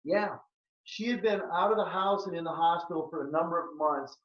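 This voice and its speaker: Man in his sixties, health practitioner, emphatic and repetitive, slightly high voice, muffled echoey audio. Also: a little fast. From southern Minnesota. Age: 60s. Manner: earnest, emphatic, repeats key phrases. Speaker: health and wellness practitioner presenting a webinar. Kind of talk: presentation with a sales pitch.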